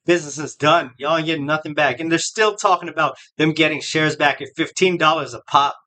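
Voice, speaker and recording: A man's voice: on the high side, steady tone, brisk, bright, forceful tone. A male host giving casual ranting commentary, mocking and profane, full of slang.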